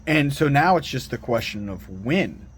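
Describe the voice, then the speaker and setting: A man talks through a loose, earnest solo monologue for his channel, wandering off track and restarting his sentences. His voice sits at an ordinary middle pitch. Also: animated, moderate pace, slightly rough. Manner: earnest, digressive, frequent restarts. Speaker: Christian video commentator.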